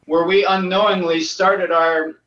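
A man guest telling a story in an earnest, slightly halting way. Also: sits high, flat delivery, fairly bright tone, slight background noise. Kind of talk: casual storytelling. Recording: distant echoey lo-fi call audio.

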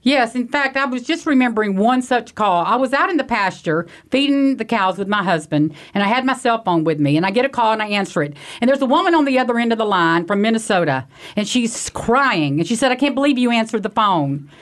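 A woman's voice: on the high side, lively intonation, brisk. A woman from Texas, a guest answering interview questions in an earnest, conversational way with frequent restarts. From Texas, USA. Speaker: guest, animal sanctuary founder.

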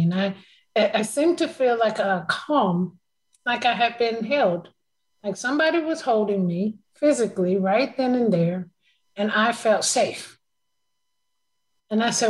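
A woman's voice: a little high, lively intonation, unhurried, pauses often, rough recording. A woman talking in a casual conversation, telling a personal story with emotion and frequent laughter.

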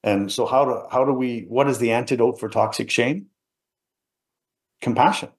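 Middle-aged man, low and deep, earnest and halting, sharing a personal story as an interview guest. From England, around Liverpool. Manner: earnest, halting, often trailing off quietly.

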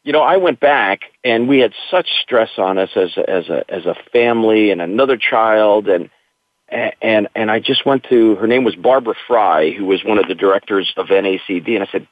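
A man's voice: fairly low pitch, moderate pace, no room sound. Middle-aged man, earnest reflective storytelling, tinny phone line, dry sound. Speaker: guest. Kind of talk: personal storytelling in an interview.

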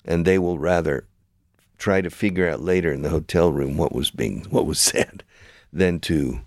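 A man's voice: a bass voice, moderate pace, darkish tone, no room sound, studio quality. An older man hosting his own show, explaining a point emphatically and teacherly, often restarting mid-sentence. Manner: emphatic and lecturing, with many restarts. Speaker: show host and language school founder. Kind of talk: conversational interview, teacherly explaining.

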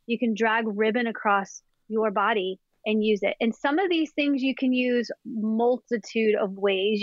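A fairly high-pitched woman talks openly and eagerly about intimacy as a podcast guest, laughing often. The recording is dry and a little dull, like lo-fi podcast audio. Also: dry recording. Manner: candid, enthusiastic, quick to laugh. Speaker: somatic sexologist guest. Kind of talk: frank instructional podcast talk.

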